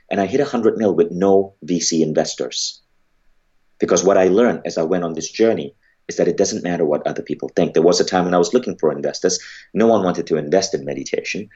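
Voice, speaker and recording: A man's voice: low voice, darkish tone, dull audio. A man, an entrepreneur, telling a motivational story about his business and book, emphatic and blunt, with casual swearing.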